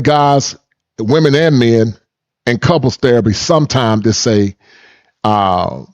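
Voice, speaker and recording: A man's voice: mid-range voice, highs cut off. A man in his fifties hosting reaction commentary, preachy and repetitive, laughing at his own points and using folksy slang. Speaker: channel host and commentator.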